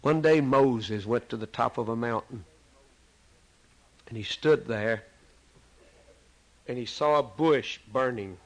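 A man preaching a sermon, swinging from loud, soaring rises to hushed, quiet drops. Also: mid-range voice, slow pace, pauses often, low-quality recording.

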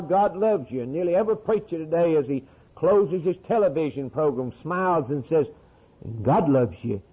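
A man preaching a fervent sermon, dropping to low murmurs and rising to impassioned cries. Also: husky, phone-quality sound.

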